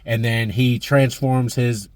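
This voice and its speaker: A man's voice: medium pitch, fairly even intonation, slow pace, darkish tone, dry recording. A man in his thirties chatting enthusiastically about a movie as a vlog host, with plenty of fillers. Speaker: movie review vlogger. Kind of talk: casual chat.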